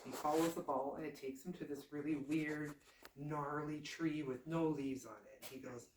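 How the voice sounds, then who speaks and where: A woman telling a folk tale in a chatty, animated, casual way. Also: sits low, moderate pace, slight background noise. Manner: chatty, animated, laughs often. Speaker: storyteller. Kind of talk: casual oral storytelling. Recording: roomy, distant mic.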